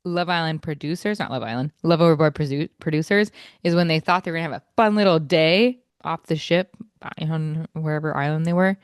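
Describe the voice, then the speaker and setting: A lower-voiced woman co-hosting a chatty podcast, poking fun in a playful way and slipping into mocking impressions. Her voice sounds close and dry, with no room behind it. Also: fairly quick, smooth, no room sound. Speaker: podcast co-host. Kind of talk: casual chat.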